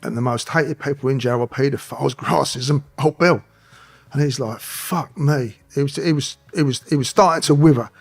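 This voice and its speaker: A man's voice: mid-range voice, moderate pace. A middle-aged man telling a rambling, profanity-filled story as an interview guest. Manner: swearing, rambling, streetwise anecdotes. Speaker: guest, former police officer.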